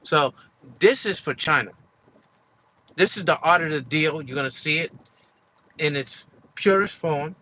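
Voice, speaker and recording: Emphatic, bright-voiced man vlogging. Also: fairly high pitch, unhurried, long pauses, muffled recording, slight background noise. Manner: emphatic and repetitive, with many fillers and restarts. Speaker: commentary vlogger. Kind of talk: casual opinion monologue.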